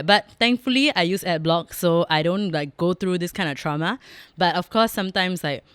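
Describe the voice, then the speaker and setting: On her studio podcast, a woman with a Singaporean accent talks alone in a relaxed, chatty way, candid and playful, with frequent laughter. The voice sits on the low side, moves a little fast, and sounds a bit bright and smooth, recorded close-up on a studio mic with no room sound.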